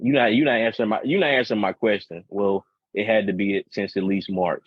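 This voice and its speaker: A husky-voiced man rambles through a profane, repetitive story on a casual podcast. His sound is dry and close, with dull, lo-fi podcast audio that lacks any sparkle. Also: lowish voice, steady tone, fast talker, dry recording. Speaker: podcast co-host.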